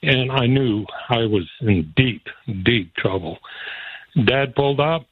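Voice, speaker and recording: A man's voice: mid-range voice, lively intonation, slow, husky, dry recording. A man as a guest telling a folksy personal story, chuckling often as he goes. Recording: tinny phone line, dry.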